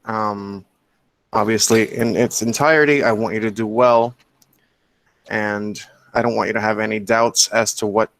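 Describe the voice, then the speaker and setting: A man's voice: on the low side, fairly even intonation, moderate pace, a bit bright. A man teaching an online English class, explaining step by step in a patient way and often checking in with "okay?". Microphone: computer mic on a video call.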